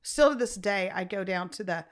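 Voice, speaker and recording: Woman, co-host, mid-pitched voice, casual talk, chatty, quick asides. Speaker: podcast co-host. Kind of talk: casual chat.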